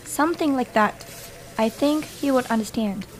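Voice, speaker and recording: A woman's voice: high voice, normal speed, slight background noise, lightly acted. A woman with an Indonesian accent playing a helpful young office receptionist, patiently explaining phone manners. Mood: instructive. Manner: patient, instructive. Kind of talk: scripted educational role-play.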